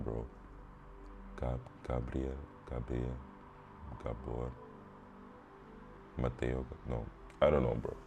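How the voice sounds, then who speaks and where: Very deep-voiced slangy young man. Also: gravelly, darkish tone, dull audio. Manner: slangy and loose, says bro constantly, swears freely. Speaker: podcast host. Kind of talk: casual storytelling chat.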